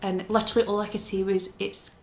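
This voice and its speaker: A woman's voice: mid-range voice, flat delivery, a little fast, gravelly, echoey room. A woman with a Scottish accent giving a casual personal update to her vlog, telling her story in an earnest, emotional way. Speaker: vlogger.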